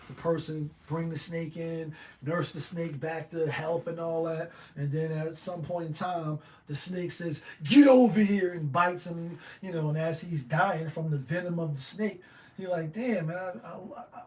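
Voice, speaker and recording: A man with a high voice delivers a loose, streetwise commentary monologue as host. He keeps checking in with "you know what I mean?" as he talks. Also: darkish tone, poor audio.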